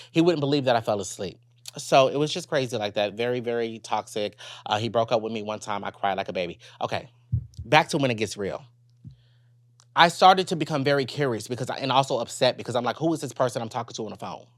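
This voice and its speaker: Young man, podcast host, candid and profane storytelling, swings from loud to hushed, dry close sound. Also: mid-range voice, no room sound. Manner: animated, candid and profane, addresses listeners directly.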